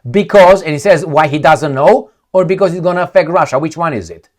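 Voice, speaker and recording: A man ranting angrily about the news, sarcastic and swearing, reading headlines aloud and picking them apart. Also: fairly quick. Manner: angry, sarcastic, swearing, lively swings in pitch. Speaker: political commentator.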